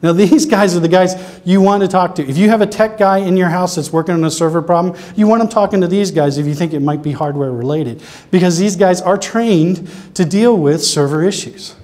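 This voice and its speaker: A man with a Southern US accent giving a casual, chatty talk at a conference, full of quick asides. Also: high voice, a little mellow. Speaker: presenter.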